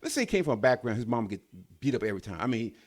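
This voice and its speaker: Animated, fast-talking male podcast host. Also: medium pitch. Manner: animated, profane, acts out scenes. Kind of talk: casual chat.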